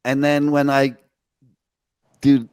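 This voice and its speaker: A man's voice: medium pitch, flat delivery, slow pace, a little mellow, clear, resonant tone, no room sound. Brash storytelling male radio host. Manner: brash, storytelling, swears freely. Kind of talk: casual interview chat.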